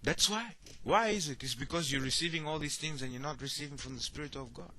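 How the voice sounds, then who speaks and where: A man's voice: fairly high pitch, quick pace, bright, forceful tone. A man preaching a sermon, often repeating himself and asking "you see?", acting out the worried voices of others.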